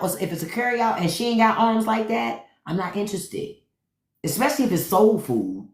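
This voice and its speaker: A man's voice: sits high, reverberant. A man from Washington, D.C., a podcast host, riffing and swearing freely in casual livestream chat. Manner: animated, profane riffing.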